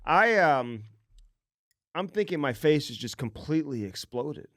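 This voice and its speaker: A man's voice: fairly high pitch, very animated, measured pace, fairly bright tone, no room sound, clean studio sound. A man co-hosting a sports podcast, telling rambling anecdotes full of fillers. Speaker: podcast co-host. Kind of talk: casual sports chat.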